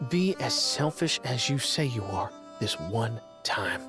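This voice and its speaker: A woman's voice: rumbling low, sing-song, a little slow, full character voice. A woman playing a kindhearted country boy. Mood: tender. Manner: folksy rural drawl, plain talk. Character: simple, kindhearted young country man. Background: game music.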